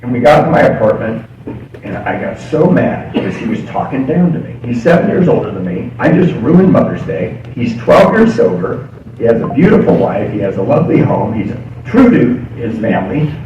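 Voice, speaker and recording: In an echoey meeting hall, a middle-aged man stands at the podium of a recovery meeting and shares his story, confiding and laughing often. His mid-range voice is sing-song at normal speed; the audio is dull, with a distant mic and background noise.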